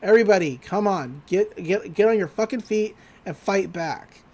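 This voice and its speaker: A woman's voice: medium pitch, moderate pace, darkish tone, close to an everyday voice. A woman voicing a brash, foul-mouthed young girl who scoffs and barks orders, within a casual podcast recap. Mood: scornful. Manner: scornful, bossy.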